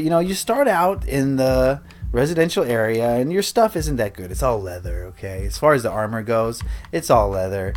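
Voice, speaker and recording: A man's voice: mid-range voice, a little mellow. A man livestreaming a building game, chatting casually with viewers in a rambling, self-interrupting way. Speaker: streamer.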